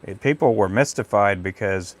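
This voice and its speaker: A man's voice: lowish voice, normal speed, no room sound. Chatty middle-aged man on a livestream. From Texas. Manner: rambling, chatty, thanks viewers by name. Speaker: livestream host. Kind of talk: casual live chat with viewers.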